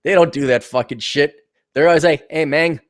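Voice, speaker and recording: A man's voice: a little high, brisk. A man co-hosting a podcast in casual banter, profane and mocking. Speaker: podcast co-host.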